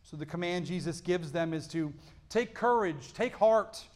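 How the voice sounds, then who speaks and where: A man with a high voice preaches a sermon to his congregation. He reads scripture aloud and then explains it earnestly. He swings from emphatic peaks down to hushed, quiet lows. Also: a little slow. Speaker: pastor.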